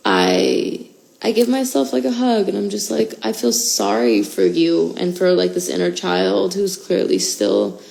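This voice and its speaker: Candid young woman with gravelly voice. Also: fairly low pitch, a little mellow, low-quality recording. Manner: candid and emotional, many fillers. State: out of breath. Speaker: singer talking to fans. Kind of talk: casual livestream chat.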